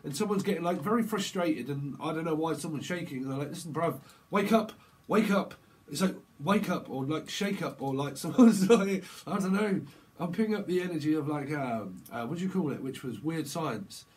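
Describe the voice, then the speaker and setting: A man chats through a tarot reading in a casual vlog. His voice sits slightly high, and he rambles freely, acting out short slangy dialogues as he goes. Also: expressive, darkish tone, rough recording. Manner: rambling, acts out quick voiced exchanges with slang. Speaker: tarot reader.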